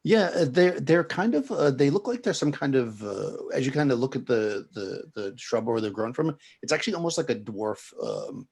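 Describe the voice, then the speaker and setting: A man's voice: medium pitch, very animated, moderate pace, gravelly, few pauses, darkish tone, husky. A man narrating a tabletop game as game master, rambling descriptions with many restarts. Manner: rambling, full of fillers and restarts.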